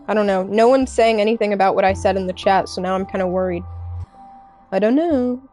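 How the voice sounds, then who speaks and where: A young adult woman streaming live and chatting with viewers in a candid, earnest way, halting often with fillers and restarts. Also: medium pitch, dark tone, faint music behind. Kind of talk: casual chat with stream viewers.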